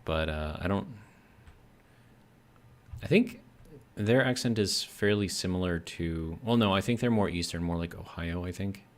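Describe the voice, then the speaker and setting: Man, very low voice, game streamer, casual chat, reads chat comments, musing. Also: a little slow. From Georgia, USA. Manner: chatty, reads viewer comments aloud and muses between building steps.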